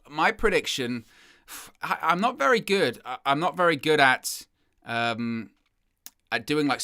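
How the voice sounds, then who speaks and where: A young man hosting a fan live stream, with a bright, forward voice. He chats casually, rambles and repeats himself, and keeps putting himself down. The sound is dry and close to the mic. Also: medium pitch, no echo. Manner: chatty, rambling, self-deprecating, repeats phrases.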